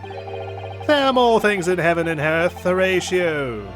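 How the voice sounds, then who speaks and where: A man voicing a flamboyant male gentleman with a British accent, who quotes Shakespeare in drawn-out, theatrical archaic speech. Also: high voice, animated, exaggerated voice. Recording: game music behind voice.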